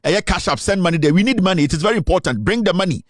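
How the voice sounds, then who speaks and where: A man's voice: high voice, animated, racing, no room sound, studio quality. A Ghanaian man hosting a live political talk stream, boastful and rambling, switching between Twi and English. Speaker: online show host.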